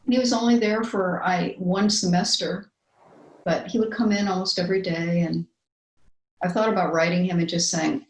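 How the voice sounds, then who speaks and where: An older woman co-hosting a chat show, talking earnestly with many fillers and restarts, and reading a poem slowly. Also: lowish voice, fairly even intonation, echoey room, poor audio. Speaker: podcast co-host. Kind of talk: casual chat and slow poetry reading.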